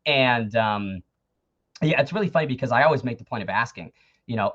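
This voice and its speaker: A man's voice: mid-range voice, animated, fairly quick, a bit bright, lo-fi sound. An American man, a guest commentator, chatting in an easygoing, agreeable way over a remote call. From United States. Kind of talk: casual interview chat.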